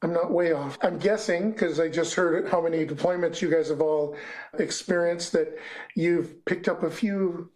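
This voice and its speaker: A man's voice: fairly high pitch, fairly even intonation, normal speed, poor audio. A man hosting a church podcast, asking questions and encouraging his guests. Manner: warm encouraging interviewer, affirming interjections. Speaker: podcast host. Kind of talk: casual chat.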